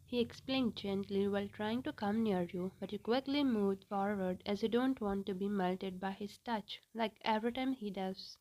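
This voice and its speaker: A woman reading a fan fiction story aloud in an even, unhurried storytelling manner. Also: medium pitch, rough recording.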